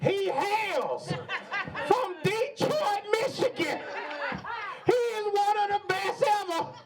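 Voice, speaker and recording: A man playing a game-show host as he introduces the next act with a booming, drawn-out delivery, on a live comedy stage. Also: expressive, crowd noise, exaggerated voice. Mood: hyping. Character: male game-show host hyping up a guest.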